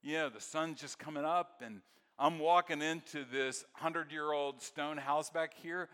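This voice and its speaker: A man preaching a sermon, telling stories with excitement and then dropping to hushed, tender moments. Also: fairly high pitch, a little slow, clean tone. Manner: storytelling, swings from excited to very soft and hushed. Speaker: pastor. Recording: long hall reverb.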